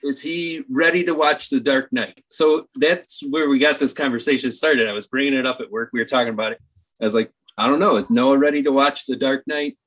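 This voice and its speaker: A man's voice: mid-range voice, brisk, a bit bright. A man who is a guest on a podcast, chatting casually and telling a rambling story in an easygoing way. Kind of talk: casual chat.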